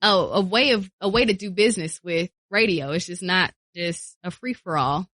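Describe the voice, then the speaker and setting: A woman radio personality talking casually in a studio interview, lively and repeating phrases for emphasis. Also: lowish voice, normal speed, no room sound. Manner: animated, acts out quoted voices, repeats phrases for emphasis.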